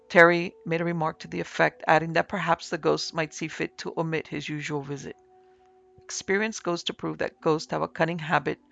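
A man narrating a ghost story in a steady storytelling manner, over a faint music bed. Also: fairly high pitch, creaky, dull audio.

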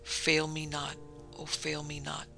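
A woman's voice: deep voice, flat delivery, moderate pace, gravelly, bright, forceful tone, soft background music, full character voice. A man reading the part of an anguished noblewoman who pleads formally and tragically with her old love. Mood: pleading.

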